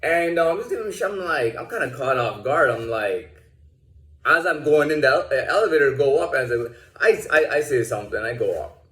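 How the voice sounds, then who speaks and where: A man's voice: lively intonation, normal speed, a bit bright. Profane rambling man in an echoey room. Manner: profane, rambling, many restarts, acts out quotes in a higher voice. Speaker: vlogger telling a personal story. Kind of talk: casual rant.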